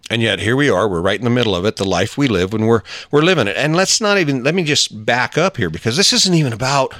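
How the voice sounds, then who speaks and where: A middle-aged man talks in a casual, emphatic motivational style and coaxes the listener along. Now and then he jumps up into a higher voice to act out small scenes. His voice sits at an ordinary pitch and sounds dry and close. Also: expressive, fast, a bit bright, no echo. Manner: emphatic, coaxing, acts out little scenes in a higher voice. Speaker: motivational talker.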